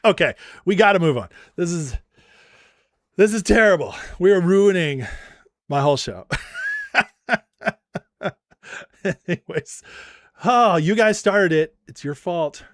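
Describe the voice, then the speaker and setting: Male livestream host, rambling and chuckling, slightly high voice, dry sound. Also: lively intonation, unhurried, pauses often, no echo. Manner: rambling, laughs often. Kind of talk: casual livestream commentary.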